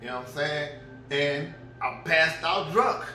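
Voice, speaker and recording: A man's voice: a little high, unhurried, bright, forceful tone. A middle-aged man telling a crude, rambling story, laughing as he goes. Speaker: vlogger. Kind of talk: profane storytelling rant. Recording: roomy, distant mic.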